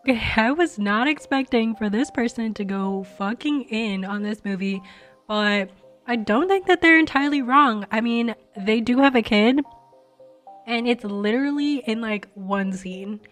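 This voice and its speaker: A woman's voice: on the high side, normal speed, a bit bright, soft background music. A young adult woman reading movie reviews aloud and adding casual commentary full of fillers and restarts.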